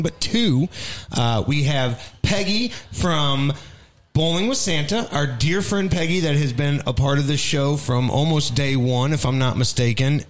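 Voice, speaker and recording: A man with a smoker's voice hosting a talk show. His voice sits at an ordinary middle pitch. He rambles warmly through introductions and jokes with his co-host. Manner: joking, rambling, affectionate banter. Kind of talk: casual chat.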